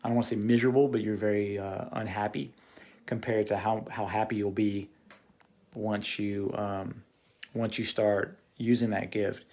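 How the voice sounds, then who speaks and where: A man's voice: lowish voice, level tone, normal speed, a little mellow. A man hosting a casual livestream, talking earnestly to his viewers with many fillers and restarts. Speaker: host of a phone-flipping channel.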